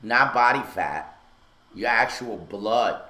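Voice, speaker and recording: A man's voice: fairly low pitch, lively intonation, slow pace, pushed and bright. Rambling man in an echoey studio. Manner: rambling storyteller, many fillers. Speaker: radio show co-host. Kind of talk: casual chat. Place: radio studio.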